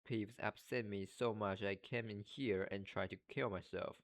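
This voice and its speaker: A man's voice: on the low side, steady tone, normal speed, dry recording, lightly acted. A man reading Myrtle, a weepy ghost girl. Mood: tearful. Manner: tearful, dramatic. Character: weepy self-pitying ghost schoolgirl.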